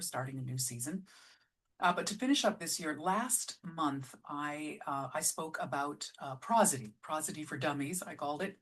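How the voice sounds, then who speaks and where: A woman's voice: low voice, breathy edge. A middle-aged woman speaking to camera as an artistic director, explaining songwriting craft in a chatty, thoughtful way with frequent fillers and restarts. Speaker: artistic director giving advice on musical writing. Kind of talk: casual vlog lecture.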